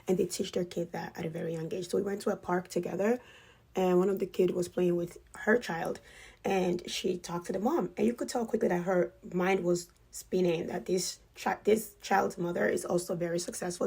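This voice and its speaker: A woman's voice: on the low side, creaky, darkish tone, husky. A woman telling a casual, chatty story, filling her sentences with "like". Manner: chatty, leans heavily on "like" as a filler. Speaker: storyteller sharing experiences with a wealthy family.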